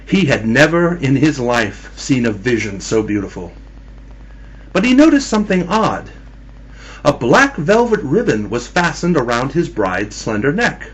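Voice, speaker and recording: A man's voice: medium pitch, big pitch swings, measured pace, husky, lo-fi sound. A man telling a spooky Halloween story in a teasing, theatrical manner, addressing his listeners as kiddies.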